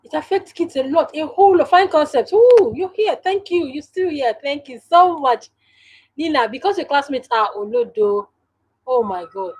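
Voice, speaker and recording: Nigerian woman, Nigerian English accent, slightly high voice, casual live-stream chat, talks straight to viewers, laughs a lot. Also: animated, moderate pace, a little mellow, poor audio. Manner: chatty, laughs often, speaks directly to viewers. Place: at home.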